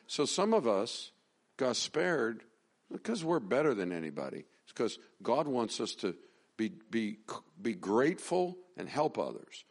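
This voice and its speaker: Folksy middle-aged pastor preaching. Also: male voice, medium pitch, wildly swooping pitch, measured pace, creaky, slightly rough. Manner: conversational, folksy, with restarts and rising emphasis. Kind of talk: sermon.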